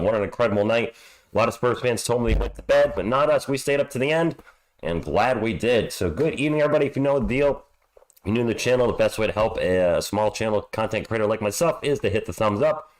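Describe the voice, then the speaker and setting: Man, hoarse voice, lowish pitch, upbeat chatty sports stream host. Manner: upbeat, chatty, greets viewers. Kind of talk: casual live play-by-play chat.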